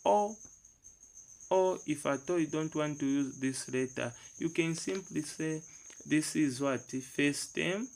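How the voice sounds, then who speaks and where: Slow, gravelly man teaching math. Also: on the high side, a little hiss or hum, low-quality recording. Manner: slow, repeats numbers aloud, asks the class rhetorical questions. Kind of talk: step-by-step lesson.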